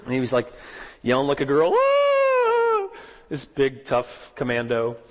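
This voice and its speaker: A man preaching a sermon, telling a story with rising dramatic emphasis and slowing down on key words. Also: mid-range voice, fairly even intonation, big-room sound. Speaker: pastor.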